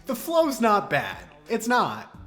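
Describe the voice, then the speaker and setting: Young male commentator, playful and jokey, slightly high voice, faint music underneath. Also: wildly swooping pitch, slow, fairly bright tone. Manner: playful, joking, laughs often. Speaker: video commentator. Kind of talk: casual reaction commentary.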